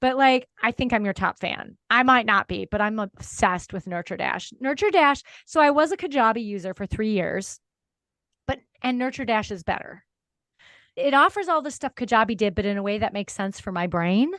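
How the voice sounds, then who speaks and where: A woman's voice: on the high side, animated, moderate pace, fairly bright tone, no echo, clean studio sound. A woman podcast host with a Minnesotan accent, chatting enthusiastically with a guest and laughing often. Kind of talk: casual interview chat.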